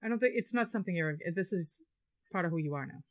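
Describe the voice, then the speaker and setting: A woman's voice: fairly low pitch, animated, dry recording. A woman co-hosting a podcast in casual conversation, chiming in with supportive interjections. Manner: supportive, quick interjections and frequent laughs. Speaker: podcast co-host.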